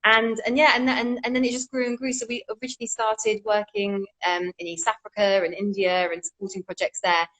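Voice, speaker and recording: A woman's voice: mid-range voice, level tone, fairly quick, hardly any pauses, a bit bright, low-quality recording. A woman from the UK, a charity founder, telling her story earnestly over a video call. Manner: earnest, with frequent restarts. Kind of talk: casual interview storytelling.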